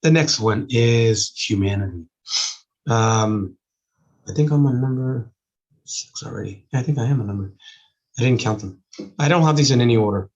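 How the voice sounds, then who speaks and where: A man lectures with a blend of Texan and Spanish in his accent, his voice worn and husky as if he is losing it. His pitch sits at an ordinary middle level, and he rambles casually with fillers and restarts. The audio is muffled and lo-fi. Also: normal speed, long pauses, darkish tone. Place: indoors, solo on camera. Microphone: camera mic.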